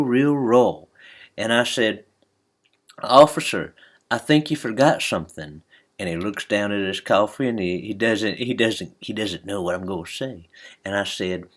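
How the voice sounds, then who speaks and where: An older man, telling a comic story in a folksy, drawling way and laughing at his own jokes. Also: mid-range voice. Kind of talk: folksy comedic monologue.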